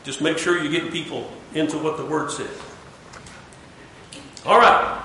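A man's voice: a little high, moderate pace, bright, forceful tone, a little hiss or hum. A man leading a Bible study class, questioning his students and coaching them through the text.

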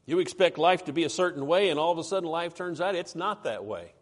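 A man preaching a sermon in a conversational, animated way, reading scripture aloud with rising emphasis. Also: a little high, quick pace.

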